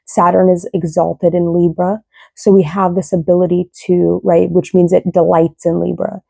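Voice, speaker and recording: A young woman reads tarot in a loose, rambling way, checking in with "right?" again and again. Her low voice has a gravelly fry and a dark, mellow tone. It sounds dry and close, with almost no room around it. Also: flat delivery, moderate pace, dry recording. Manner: rambling, tags sentences with "right?". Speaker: tarot reader. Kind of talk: casual tarot reading.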